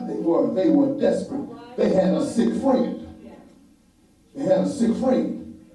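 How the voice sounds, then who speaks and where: High, mellow preacher in an echoey church. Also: male voice. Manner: call-and-response preaching, rhythmic repetition, frequent "huh?"; slides into half-sung phrases. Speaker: pastor. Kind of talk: sermon. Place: church sanctuary. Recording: very echoey church from far off, faint music.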